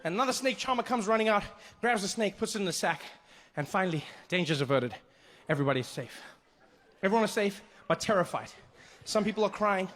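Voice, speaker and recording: A male stand-up comedian telling a story on a live stage, animated and acting out characters as he goes. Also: high voice, brisk, in a large hall. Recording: live show with audience noise.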